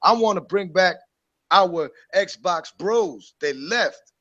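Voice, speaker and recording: A man in casual gaming chat, preachy and animated. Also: sits high, slow, muffled recording. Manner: animated, preachy, mocks others in a put-on voice. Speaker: co-host.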